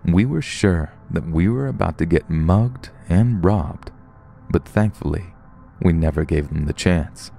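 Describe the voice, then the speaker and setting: A man's voice: low-pitched, measured pace, vocal fry, mellow, soft background music. A man narrating true horror stories in a scripted storytelling way. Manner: storytelling, puts on short voices for quoted people.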